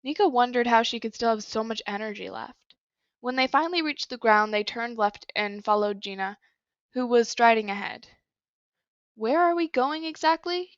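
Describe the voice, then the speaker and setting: A woman reading a story aloud in a plain, even manner with small slips. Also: fairly high pitch, moderate pace, no echo, lo-fi sound. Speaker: story reader. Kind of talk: reading fan fiction aloud.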